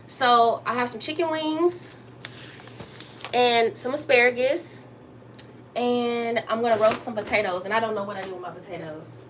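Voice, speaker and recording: A young woman hosting a casual livestream from her kitchen while she cooks, chatting straight to her viewers and jumping up high to greet them. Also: moderate pace, a little hiss or hum. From Texas. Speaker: livestream host. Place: home kitchen.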